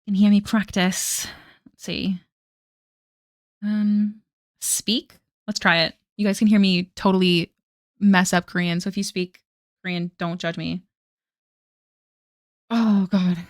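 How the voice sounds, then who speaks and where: A woman's voice: medium pitch, level tone, slow, pauses often, no echo. Woman, casual streamer; chatty, self-mocking, laughs a lot; dry, close sound. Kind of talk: casual live-stream chat.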